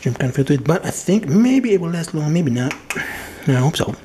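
A man's voice: on the high side, very animated, normal speed, dark tone, a little hiss or hum. A man giving a casual, rambling unboxing commentary, muttering to himself and swearing freely. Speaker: tech vlogger.

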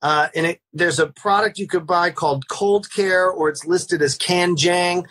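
A man on a remote call, telling animated anecdotes in casual storytelling style and acting out the people he quotes. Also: high-pitched, unhurried, slightly rough. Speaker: podcast guest. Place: home, remote video call.

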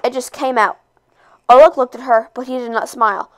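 Woman read-aloud narrator, expressive, high-ish and smooth. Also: fairly quick. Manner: expressive, with occasional slips and rereads. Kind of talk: reading a novel aloud.

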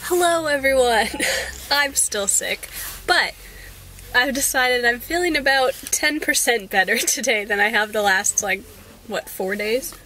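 A hoarse woman with a cold chats slowly into a handheld camera, laughing often. Her voice sits a little high. Faint noise hangs behind her. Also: expressive, bright, forceful tone, rough recording. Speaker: vlogger. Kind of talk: casual travel vlog.

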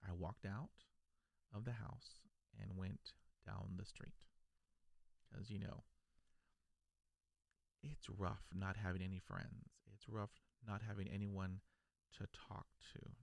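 A video creator from South Texas tells his own story to camera, earnest and reflective, stuttering with repeated words and broken starts. His voice sits on the low side and is gravelly, with fairly even intonation, a slow pace and long pauses. There is no echo.

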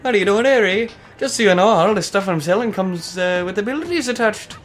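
A brash, pushy shrimp shoe seller, played by a man and pitched far above his own voice, talking. He belts his sales patter loudly over light background music. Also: animated, a little fast.

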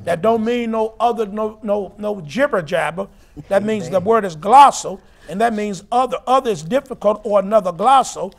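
A man preaching and teaching scripture, emphatic, rising to shouts and spelling out words. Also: sits high, moderate pace, gravelly. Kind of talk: sermon-style Bible teaching.

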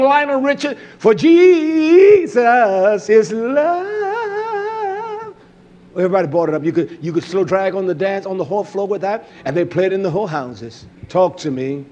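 A man preaching a fiery, confrontational sermon, scolding and cursing, swinging between loud outbursts and low muttering. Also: highs cut off, a little hiss or hum.

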